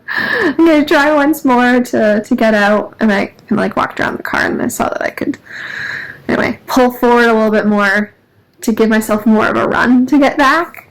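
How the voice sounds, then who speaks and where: Woman vlogger, high voice, casual rambling car chat with frequent laughter. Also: creaky, rough recording. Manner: chatty, laughs often, rambling with many fillers. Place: in a parked car.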